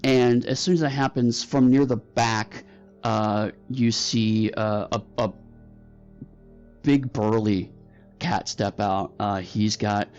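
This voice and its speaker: A man narrating a tabletop role-playing game as game master, pausing often with fillers. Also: lowish voice, fairly even intonation, a little mellow. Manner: hesitant, many fillers. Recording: slightly dull sound with faint music.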